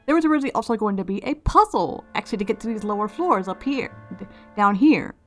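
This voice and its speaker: A woman's voice: mid-range voice, animated, fast talker, soft background music. A woman hosting a let's play, musing aloud and speculating in casual gameplay commentary, often restarting her phrases.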